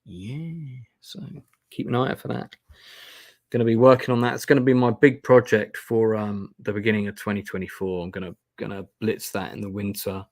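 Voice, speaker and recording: A man's voice: on the low side, fairly even intonation, moderate pace, dry recording, studio quality. A man hosting a live gamebook playthrough, reading aloud and making chatty, self-deprecating asides. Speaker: host playing a gamebook live. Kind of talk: casual live-stream narration. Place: indoor room.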